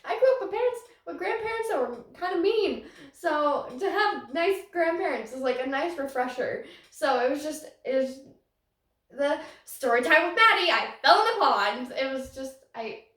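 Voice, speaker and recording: Podcast host: young woman, rambling self-conscious storyteller, bright high voice, sits back from the mic. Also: lively intonation, moderate pace, distant mic. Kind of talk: casual storytelling. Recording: roomy echo, voice off-mic.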